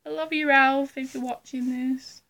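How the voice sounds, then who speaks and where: A woman's voice: sits high, steady tone, unhurried, a bit bright. A woman vlogger chatting casually between impressions, giggly, rambling and self-deprecating, close to a phone or webcam mic. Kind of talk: casual chat.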